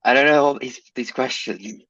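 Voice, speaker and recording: A relaxed man co-hosting a podcast, talking in easy, teasing banter. His voice sits mid-range, and the sound is dry and a little dull, like a lo-fi home recording. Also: mid-range voice, normal speed, no echo. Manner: laid-back, playful, teasing. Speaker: podcast co-host. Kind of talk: casual chat.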